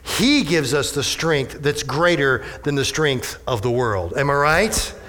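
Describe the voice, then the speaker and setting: A male pastor preaches with animated energy, tossing rhetorical questions to his congregation. His voice sits a little high for a man, and a long reverb trails each phrase through the sanctuary. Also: unhurried. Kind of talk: sermon. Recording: echoey hall with long reverb.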